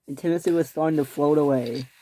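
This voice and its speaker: At a quick pace, a storyteller works through a toy train tale with many restarts and self-corrections, acting out the characters' lines in higher, louder voices. There's slight background noise.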